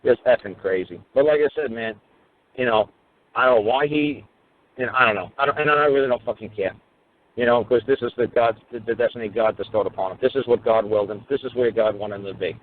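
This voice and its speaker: Over tinny phone-line audio, a radio talk host tells a courtroom story in a casual, profane and emphatic monologue, sometimes raising his voice to mimic others. He speaks quickly in a mid-range voice.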